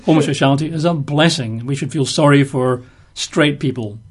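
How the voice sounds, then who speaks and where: A man's voice: medium pitch, moderate pace, slightly rough. A man giving conversational Bible teaching, explaining verses with everyday examples.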